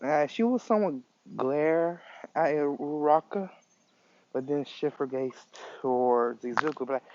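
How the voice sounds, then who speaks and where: Halting man telling a fan story, slow. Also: fairly high pitch, no echo. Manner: halting, many fillers. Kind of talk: improvised fan story narration. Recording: dull lo-fi recording.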